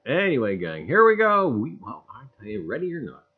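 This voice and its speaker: A man hosting a casual livestream, loudly greeting viewers in a sing-song voice and muttering low asides, with "I tell you what" as a catchphrase. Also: huge pitch swings, fairly quick, husky. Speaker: livestream host. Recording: dull, lo-fi livestream audio.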